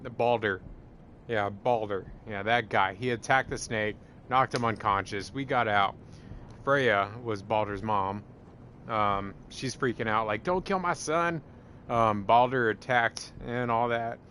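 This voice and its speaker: A man chatting casually, rambling and swearing, full of fillers and getting excited as he talks. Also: lowish voice, measured pace, slight background noise. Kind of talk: casual chat.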